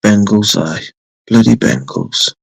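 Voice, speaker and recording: A man's voice: on the low side, slow, vocal fry, slightly rough, no room sound, poor audio. A man hosting a late-night live stream from home, chatting to viewers in a rambling, sweary way. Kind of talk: casual chat with viewers.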